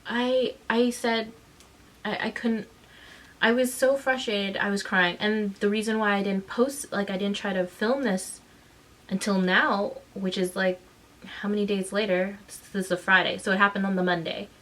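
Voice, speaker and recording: A woman vlogging as a mother, frustrated and indignant, her voice shaken and close to tears, speaking in halting bursts with many restarts. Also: mid-range voice, steady tone, fairly bright tone. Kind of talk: emotional personal vlog recounting.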